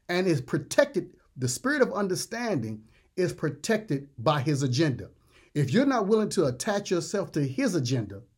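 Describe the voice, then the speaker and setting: A man preaching a sermon, emphatic, repeating words and slowing down to stress the scripture he reads. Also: on the high side, a little mellow, breathy edge.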